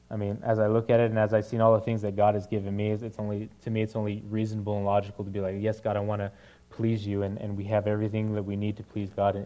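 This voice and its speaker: A man's voice: lowish voice, dark tone. A young man giving a casual, conversational sermon, with many fillers and frequent "right?" asides to the listeners. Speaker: preacher.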